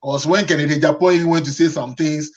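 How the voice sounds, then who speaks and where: A man's voice: a little high, fairly even intonation, fast, muffled recording. A man on a boxing panel show, agreeing with the host and urging boxers to act.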